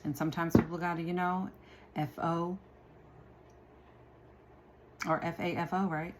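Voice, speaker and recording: A woman chats through a casual tarot reading, calling her viewers y'all and laughing often. Her voice sits very low. A faint hiss runs beneath the recording. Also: flat delivery, measured pace. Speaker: tarot reader.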